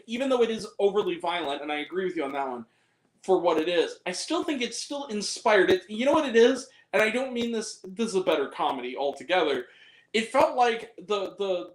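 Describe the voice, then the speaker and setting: A man hosting a casual film review chat, animated and profane, quick to laugh and shout. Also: high-pitched, echoey room. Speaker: podcast host.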